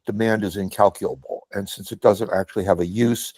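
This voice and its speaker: A man's voice: lowish voice, fairly even intonation, a little fast, a little mellow, dry recording. A man in a meeting discussion, making his points emphatically and stressing key words. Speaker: meeting participant. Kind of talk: discussion comment.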